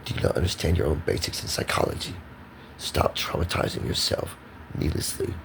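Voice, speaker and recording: A man's voice: a bass voice, big pitch swings, brisk, creaky, a little hiss or hum, rough recording. A man rambling in a monologue to camera, emphatic and preachy, repeating himself. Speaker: vlogger.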